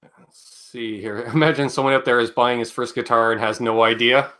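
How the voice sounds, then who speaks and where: Bright-voiced male host. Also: mid-range voice, steady tone, moderate pace. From Canada. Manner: chatty, jokey, reading viewer comments aloud. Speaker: livestream host. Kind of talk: casual chat.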